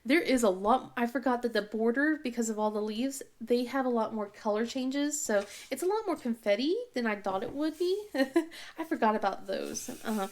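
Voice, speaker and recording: A woman's voice: fairly high pitch, moderate pace. A woman in her thirties with a Southern twang, chatting casually and laughing often as she works on a craft for her vlog. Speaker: crafting vlogger. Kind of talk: casual chat while diamond painting.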